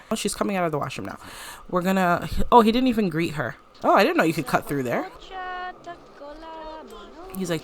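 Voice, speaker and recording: Young woman, low-ish voice, chatty let's-play commentator, giggles often, crowd noise in the background. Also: sing-song. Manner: chatty, giggly, narrates characters' lines in quick playful voices. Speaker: gameplay commentator.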